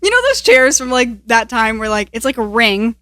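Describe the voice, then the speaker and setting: Bright animated young woman podcaster. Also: fairly high pitch, normal speed, dry recording. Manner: animated storytelling, laughs often. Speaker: podcast co-host. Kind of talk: casual chat.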